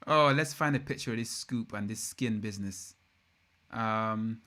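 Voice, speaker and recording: A man with an English accent hosting a casual livestream, talking in an excitable, rambling, slangy way. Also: on the low side, measured pace, pauses often. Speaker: livestream host.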